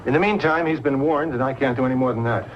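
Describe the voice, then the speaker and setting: An actor playing a calm, reasoning husband in an old British film. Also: male voice, mid-range voice, fast, lightly acted. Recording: dull old film soundtrack with hiss.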